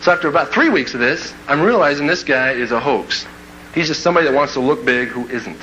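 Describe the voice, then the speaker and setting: A man from Kansas giving a motivational speech, telling a story to a live audience in an animated way and acting out scenes with sound effects and quoted voices. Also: mid-range voice, fast, slight background noise, poor audio. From Kansas, USA. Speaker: motivational speaker.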